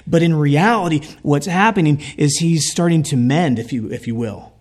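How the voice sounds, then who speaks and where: Husky-voiced man preaching earnestly. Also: fairly high pitch, moderate pace, darkish tone. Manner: earnest, heartfelt storytelling. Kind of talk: sermon storytelling.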